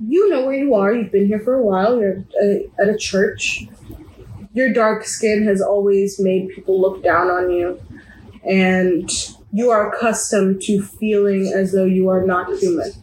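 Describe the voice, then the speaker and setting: A woman's voice: medium pitch, steady tone, a little mellow. A woman running a tabletop game as game master, narrating scenes to a player in vivid second-person detail. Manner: slow, vivid descriptive narration. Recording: roomy echo, faint background noise.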